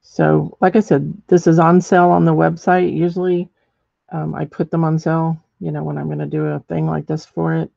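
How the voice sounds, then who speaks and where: Gravelly middle-aged woman instructor, chatty demo host, dry muffled recording. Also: sits low, level tone, normal speed, dark tone, dry recording. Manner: chatty, thinks aloud while working, many ums. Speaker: ceramics painting instructor. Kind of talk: live painting demonstration.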